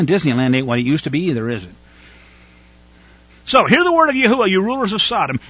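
A man's voice: high voice, fairly bright tone, husky, dry recording, highs cut off. A man preaching a sermon in a scolding, sarcastic manner with mocking asides.

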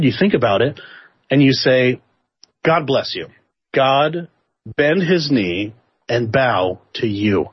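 A man with a husky voice talks through faith topics in an easy, joking way, jumping pitch up when he quotes people. The sound is dry and close, slightly dull in the top end. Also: dry recording. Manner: animated, jokey, quotes others in voices. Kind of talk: casual faith discussion.

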